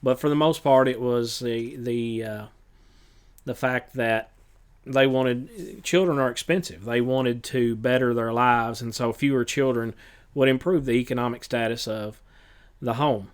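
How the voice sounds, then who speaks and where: A male teacher running a test review, talking in a plain, matter-of-fact way with frequent pauses and fillers. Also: mid-range voice, smooth. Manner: halting, many filler pauses.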